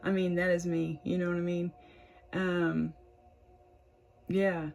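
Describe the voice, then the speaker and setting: A woman's voice: on the low side, flat delivery, slow pace, vocal fry, poor audio. A young woman, chatting casually to her viewers as she reads tarot, laughing often. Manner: chatty, warm, lots of "y'all" and laughs. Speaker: tarot reader, channel host. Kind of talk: casual tarot reading to camera.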